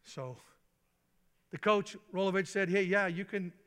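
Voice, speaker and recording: Middle-aged male pastor, storytelling sermon, slightly high voice, long hall reverb. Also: measured pace, smooth. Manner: animated, acts out quotes with big pitch jumps. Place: church sanctuary.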